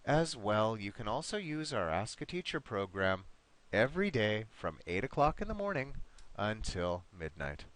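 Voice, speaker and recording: A man teaching an online class, giving each student encouraging feedback by name and slowly modeling pronunciation. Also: fairly low pitch, sing-song, a bit bright.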